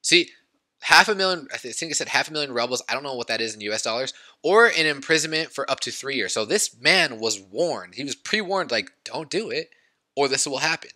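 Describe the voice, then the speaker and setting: A man's voice: medium pitch, animated, fairly quick, pushed and bright, dry recording. A man in his twenties casually rambling through gaming news in a chatty, self-deprecating way. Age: 20s. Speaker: YouTube news host.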